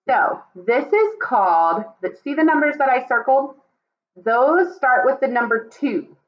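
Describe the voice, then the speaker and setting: A woman teaching a video lesson to young children from home, talking in an animated, sing-song way. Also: medium pitch, highs cut off. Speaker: kindergarten teacher.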